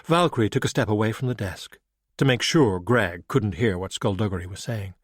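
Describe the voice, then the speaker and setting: A man's voice: fairly low pitch, a little fast, dry recording. Man reading an audiobook, dry sound. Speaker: audiobook narrator. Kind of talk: audiobook narration.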